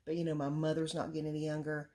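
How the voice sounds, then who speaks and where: A woman's voice: deep voice, completely flat delivery, rapid-fire, dark tone. A middle-aged woman, co-hosting a family vlog in casual chat and laughing often. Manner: chatty, laughs often, Southern country talk.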